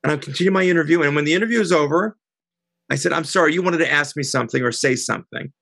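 Gravelly bright-voiced woman telling a story. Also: deep voice, very fast, no room sound. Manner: animated, indignant, quotes others. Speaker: guest. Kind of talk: casual interview storytelling.

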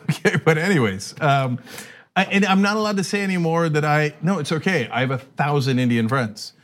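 Male co-host who tells animated stories and laughs often. His voice is fairly high and swings widely in pitch. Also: normal speed. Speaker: podcast co-host. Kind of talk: casual chat.

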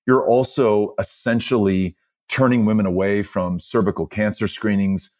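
A middle-aged man speaks as a podcast guest, earnest and quick to laugh. He tells stories at length. His voice sits a little low for a man. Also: fairly even intonation, darkish tone. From Texas. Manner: earnest storyteller, laughs easily. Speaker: guest, political candidate. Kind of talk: podcast conversation.

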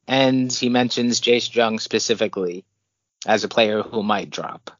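A man co-hosting a casual sports podcast, relaxed, reading out draft news with his own asides. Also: on the low side, a little slow, dry recording, muffled recording. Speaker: podcast co-host.

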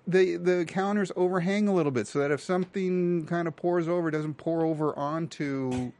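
A man's voice: on the high side, moderate pace, a little mellow. A man co-hosting a casual podcast chat, easygoing, explaining practical details with dry jokes. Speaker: podcast co-host.

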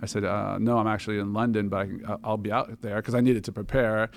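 A man's voice: lowish voice, level tone, fast talker, gravelly. A middle-aged man, a podcast guest, telling a story casually, swearing and acting out quoted dialogue.

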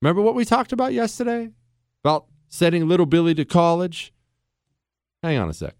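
A man hosting a talk radio show, joking sarcastically and swinging between mock outrage and quiet earnest talk into a studio mic. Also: high-pitched, sing-song, a little fast, no room sound. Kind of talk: conservative talk radio monologue. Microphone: studio microphone.

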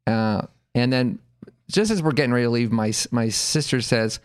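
Lively man telling a funny story. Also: mid-range voice, moderate pace, clear, resonant tone. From Los Angeles area. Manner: animated anecdote teller, acts out quoted voices, laughs often. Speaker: podcast guest telling a story. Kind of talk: casual storytelling.

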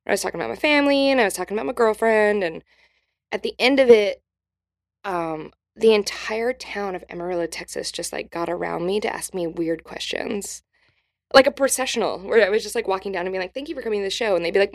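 A woman comedian on a podcast, telling family stories in a casual, animated way and acting out the voices of the people in them. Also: medium pitch, fairly quick. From New Mexico, US. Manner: animated, acts out quoted voices. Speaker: comedian guest.

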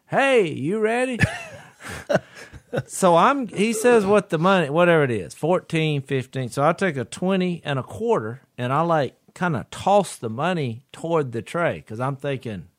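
A middle-aged man, telling a story in a folksy, animated way during casual chat. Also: a little high, moderate pace, no room sound, clean studio sound. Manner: folksy, animated, laughs through his stories. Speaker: podcast co-host.

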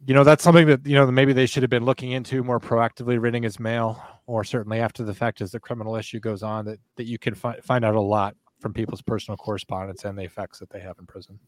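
A man at a middle pitch, talking through a criminal case with his co-host. He rambles and restarts as he thinks aloud. The sound is dry and close, with no room around him. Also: flat delivery, quick pace, few pauses, no room sound. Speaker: podcast co-host. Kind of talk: casual true crime discussion.

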